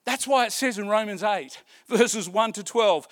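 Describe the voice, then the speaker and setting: A man, a pastor, preaching a sermon. He swings from loud, emphatic preaching to soft, hushed lines, repeating key phrases and drawing out stressed words. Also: high-pitched, normal speed, few pauses.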